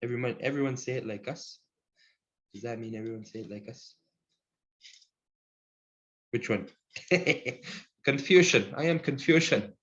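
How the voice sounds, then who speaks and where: A man's voice: mid-range voice, a little slow, long pauses, highs cut off. Encouraging man teaching over video call. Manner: relaxed, encouraging, laughs often. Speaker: language teacher. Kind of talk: online language lesson.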